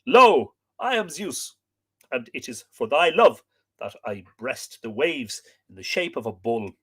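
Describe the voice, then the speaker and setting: A man reading aloud the solemn, archaic lines of a gentle male god in the shape of a bull. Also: medium pitch, lively intonation, measured pace, husky. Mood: reassuring.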